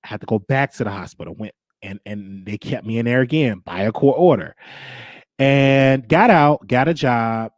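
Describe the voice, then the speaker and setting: A young man hosting his own show, telling a personal story in a candid, halting way with many restarts. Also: medium pitch, no echo. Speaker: show host.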